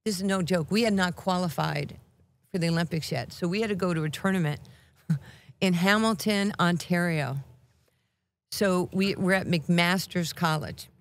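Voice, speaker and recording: Lively New York woman telling stories. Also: on the low side, moderate pace. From Brooklyn, New York. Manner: lively, acts out voices in her anecdotes, laughs often. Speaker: guest. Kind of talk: animated storytelling.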